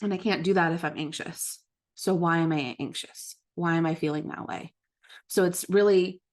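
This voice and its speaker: A mother leading a book study, talking in a gentle, reflective, casual way about her own habits. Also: sits low. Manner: gentle, self-reflective, with occasional laughs. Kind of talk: reflective casual teaching talk.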